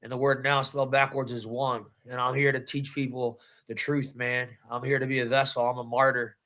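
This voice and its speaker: A man's voice: medium pitch, flat delivery, fairly quick, bright, forceful tone. A man, a bare-knuckle fighter, recounting his win in a post-fight interview with intense, emphatic storytelling and repeated phrases. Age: adult.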